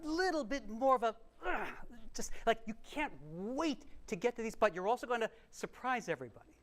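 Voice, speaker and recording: A man teaching a remote piano masterclass, encouraging and animated, with quick restarts and sung rhythms. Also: very high voice. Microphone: remote livestream mic.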